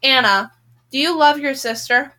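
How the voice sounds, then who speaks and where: A woman reading aloud as a male lawyer questioning a witness in a measured, formal way. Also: high voice, pushed and bright.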